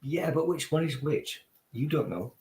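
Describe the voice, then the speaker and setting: A man's voice: fairly high pitch, animated, unhurried, a little mellow. A man voicing a talking Christmas poo as a male war veteran who stammers and rambles through his stories. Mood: blustering. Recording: roomy echo.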